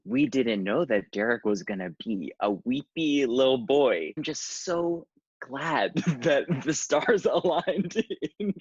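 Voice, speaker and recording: A man's voice: medium pitch, lively intonation, slow, slightly rough, no echo. Sarcastic man on a dull lo-fi line. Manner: sarcastic, dishy. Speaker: guest co-host. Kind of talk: casual chat.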